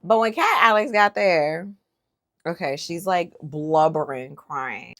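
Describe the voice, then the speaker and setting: Low-voiced opinionated woman recapping TV. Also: a little slow. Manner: opinionated, animated, lots of fillers. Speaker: recap host. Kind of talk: casual TV recap commentary.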